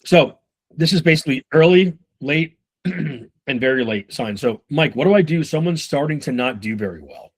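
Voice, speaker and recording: A man giving casual sales-management coaching, talking loosely and with profanity while acting out quick snippets of conversation. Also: a little high, animated, husky. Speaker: sales trainer.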